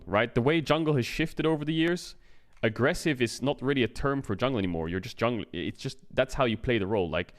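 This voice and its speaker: Man ranting casually, always asking "right?". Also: medium pitch. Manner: conversational, keeps checking in with "right?", swears casually. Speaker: streamer and game analyst. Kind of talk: casual explanatory rant on stream.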